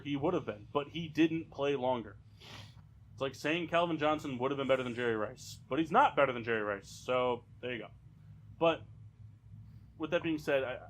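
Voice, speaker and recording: A man's voice: mid-range voice, a little hiss or hum, low-quality recording. A man co-hosting a casual sports podcast, giving strong opinions with lots of fillers and restarts. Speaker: podcast co-host.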